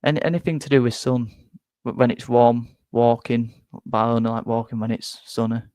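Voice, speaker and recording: A man's voice: medium pitch, steady tone, a little fast, darkish tone, no room sound. A man with a Northern English accent chatting casually and rambling in a self-deprecating way about what he likes. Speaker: football fan channel host. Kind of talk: casual chat.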